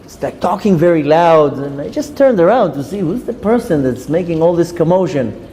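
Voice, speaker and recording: A man telling a personal story, animated and acting out the dialogue in different voices. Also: a little high, normal speed. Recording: echoey hall with faint noise.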